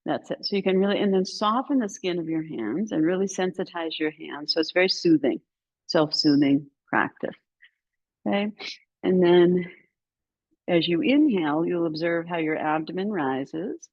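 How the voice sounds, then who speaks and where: A woman yoga teacher leading a guided breathing class, giving calm, soothing instructions and counting the breaths. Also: lowish voice, moderate pace, lo-fi sound. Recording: echoey hall with long reverb. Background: soft instrument tones.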